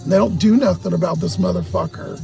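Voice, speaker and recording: A man's voice: high voice, huge pitch swings, quick pace, vocal fry, warm tone, soft background music. A man hosting a livestream, telling a long, agitated story full of swearing. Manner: profane, agitated, heavy cursing. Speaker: livestream host. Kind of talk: casual storytelling rant.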